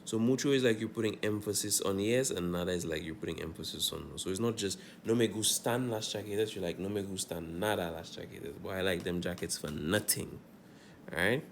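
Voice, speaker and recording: A man's voice: low-pitched, brisk, gravelly, slight background noise. A man teaching a Spanish grammar lesson, going over examples and checking in often with "all right?".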